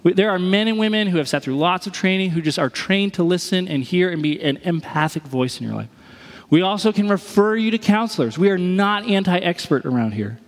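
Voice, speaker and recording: A man's voice: high voice, lively intonation, brisk, long reverb tail. A man preaching a sermon as pastor, conversational, and he acts out the voices he quotes.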